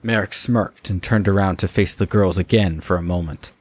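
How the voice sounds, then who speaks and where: A man giving steady, scripted story narration. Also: sits low, normal speed. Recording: dull lo-fi recording.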